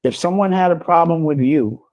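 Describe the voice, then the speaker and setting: A man speaking calmly and deliberately, giving advice in a measured, lecturing tone. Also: a little high, highs cut off. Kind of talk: measured spoken advice in a recorded clip.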